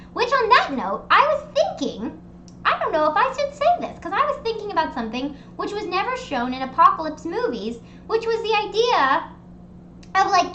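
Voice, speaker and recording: A young woman hosting a casual livestream chat from home, telling stories in an animated, rambling way with lots of fillers. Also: very high-pitched, roomy sound, a little hiss or hum. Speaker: streamer hosting a live hangout. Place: her home. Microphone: streaming desk mic.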